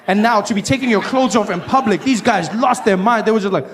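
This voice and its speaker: A man doing stand-up with a bright, fairly high voice and a loose, animated delivery. He jumps into loud, shouty impressions of the people in his story. Faint background noise sits under the recording. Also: a little fast, few pauses, a crowd in the background. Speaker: stand-up comedian. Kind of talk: stand-up comedy routine.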